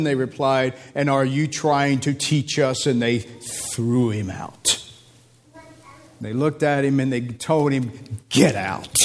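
A man preaching a sermon, emphatic, repeating phrases and climbing in pitch for stress.

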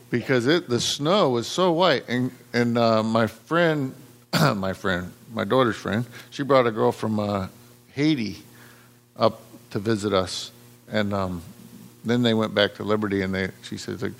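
Gravelly-voiced man preaching a sermon. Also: mid-range voice, normal speed. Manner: conversational, repeats words, quotes scripture. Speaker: pastor.

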